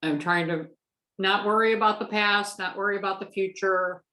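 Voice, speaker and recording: A woman taking part in a workshop over a video call, speaking haltingly with many "um" pauses, emotional and close to tears. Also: medium pitch, steady tone, pushed and bright, echoey room. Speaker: workshop participant.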